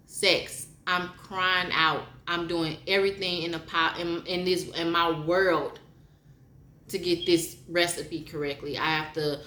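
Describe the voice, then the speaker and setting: A woman's voice: lowish voice, pushed and bright. A woman vlogger speaking frankly, reading a poem and then giving a repetitive, heartfelt pep talk. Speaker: motivational vlogger. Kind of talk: frank personal monologue with spoken poetry. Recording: roomy echo.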